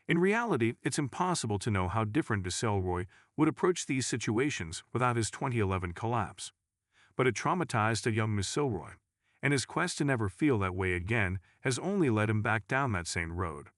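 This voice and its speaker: A man narrating a sports news piece in a lowish voice that swings widely up and down, leaning hard on key words for drama. The sound is close and dry, with no room around it. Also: dry recording. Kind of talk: scripted sports article narration.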